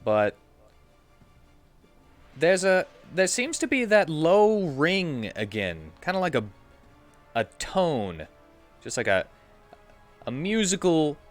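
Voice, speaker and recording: A man narrating a tabletop game as dungeon master, animated and halting, with restarts. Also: on the high side, faint music behind.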